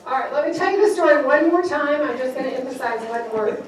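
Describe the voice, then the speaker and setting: A woman's voice: sits high, fast talker. A woman gives a playful motivational talk, quizzing a live audience. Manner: playful, engages the audience with questions. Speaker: professional speaker. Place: large event hall. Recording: echoey hall, distant mic, noisy.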